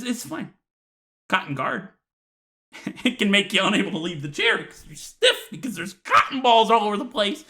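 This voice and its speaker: A man doing a comedic rant to camera, mock-outraged with deadpan asides, sighs and laughs. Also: sits high. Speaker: YouTuber.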